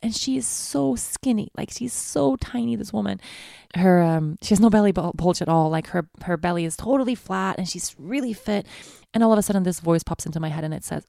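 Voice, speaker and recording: Gravelly-voiced woman in her twenties. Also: medium pitch, a little fast, warm tone, dry recording, clean studio sound. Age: 20s. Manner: candid, confessional storytelling. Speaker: podcast host. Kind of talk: personal monologue.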